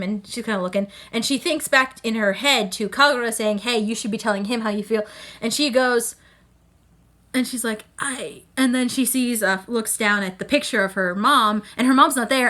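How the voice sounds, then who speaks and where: A woman recapping an anime episode in a casual vlog, excitable, swearing freely and exclaiming loudly. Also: a little high. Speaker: anime reviewer.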